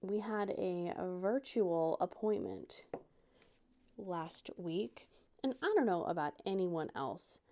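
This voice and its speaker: A woman's voice: on the low side, expressive, takes it slowly, mellow. Chatty woman rambling while crafting. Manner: chatty, self-deprecating, rambling with many restarts. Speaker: crafting channel host.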